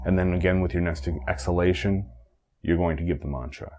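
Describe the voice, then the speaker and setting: Low-voiced man teaching meditation. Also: noisy background. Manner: calm, measured, instructive, chanting a mantra at times. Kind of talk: guided meditation instruction.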